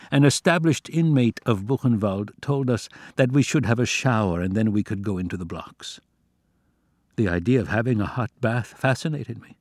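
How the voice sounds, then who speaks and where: A man reading a first-person memoir aloud in a measured, somber, restrained way. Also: mid-range voice, no echo, studio quality. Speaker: audiobook narrator.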